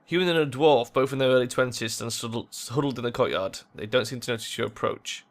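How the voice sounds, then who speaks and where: A man's voice: mid-range voice, brisk. A young man hosting a let's play, reading game text aloud and making offhand remarks. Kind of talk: casual game commentary.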